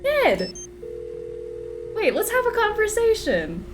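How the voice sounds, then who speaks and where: Slow, joking woman streamer. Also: extremely high pitch, huge pitch swings. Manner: chatty, joking, laughs often. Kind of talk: casual gameplay commentary.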